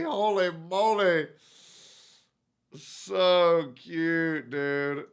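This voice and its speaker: A man's voice: a little high, lively intonation, drawn-out words, clean tone. A male streamer reacting casually on a live stream, swearing and gushing with frequent exclamations. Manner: profane, gushing, exclaims a lot.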